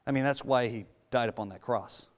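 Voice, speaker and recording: A man preaching a sermon in a church, talking to the congregation with rhetorical questions and swinging from loud to hushed. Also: mid-range voice, a little fast, in a large hall. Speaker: lay preacher.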